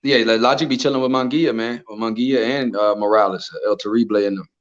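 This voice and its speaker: A man's voice: fairly low pitch, fairly even intonation, quick pace, highs cut off. Slangy laid-back man on a call. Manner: loose slangy banter, jokey impressions. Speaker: boxing show co-host. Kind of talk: casual chat.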